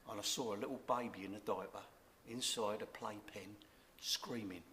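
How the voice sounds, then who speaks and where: A man's voice: lowish voice, steady tone, moderate pace, sharp tone, slight background noise. An older man sharing a personal faith testimony, earnest and reflective, repeating key words. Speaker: church member giving testimony.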